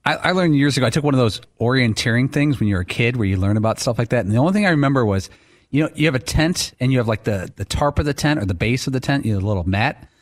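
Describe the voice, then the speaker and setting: Fast-talking male show regular. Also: mid-range voice, expressive. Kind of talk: casual chat.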